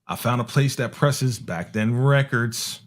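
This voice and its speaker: A middle-aged man tells stories in a loose, slangy way. His voice sits at an ordinary pitch, and he keeps things animated, slipping into other people's voices when he quotes them. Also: unhurried. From Harlem, New York. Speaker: music producer telling stories on a talk show. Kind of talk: casual storytelling chat.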